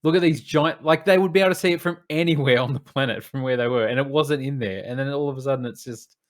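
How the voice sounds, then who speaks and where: A man's voice: mid-range voice, quick pace. Laid-back male film reviewer. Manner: laughing, animated storytelling with quoted asides. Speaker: podcast co-host, film reviewer. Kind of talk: casual chat.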